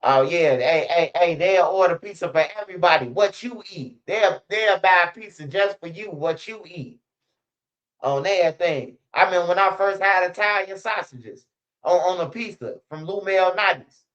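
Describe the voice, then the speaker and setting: Profane rambling man, slightly high voice. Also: normal speed, a bit bright, highs cut off. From Chicago. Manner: rambling, slang-heavy and profane. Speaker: channel host. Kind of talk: casual storytelling commentary.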